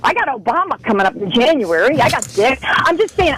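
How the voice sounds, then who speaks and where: Brief: fired-up female radio caller, high voice, pleading and profane. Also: very animated, a little fast, few pauses, a bit bright, breathy edge, rough recording. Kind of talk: call-in radio rant.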